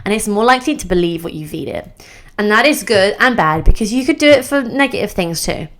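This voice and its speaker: A woman's voice: mid-range voice, expressive, brisk, a bit bright. A young woman giving a casual motivational talk to camera, bubbly and emphatic, often laughing mid-sentence as she makes her points. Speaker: self-improvement creator.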